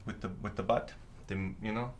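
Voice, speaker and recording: A man's voice: on the low side, fairly even intonation, brisk, slight background noise. A man, a guest on a comedic talk show, rambling and groping for words in casual chat.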